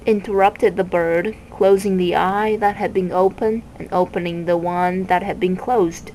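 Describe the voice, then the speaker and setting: A woman reading a children's novel aloud in a slow, measured way, with small restarts. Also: medium pitch, fairly even intonation, darkish tone, slight background noise, rough recording. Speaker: reader.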